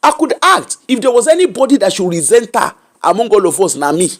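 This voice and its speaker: With a Nigerian accent, a woman gives a candid personal account as an interview guest, speaking fast at a medium pitch. Animated and emphatic, she slips Pidgin and Yoruba into her English.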